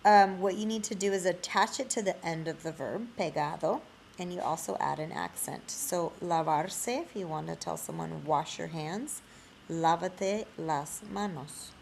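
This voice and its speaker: A woman teaching a Spanish lesson in a screencast, explaining slowly. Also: on the low side, creaky, darkish tone, a little hiss or hum.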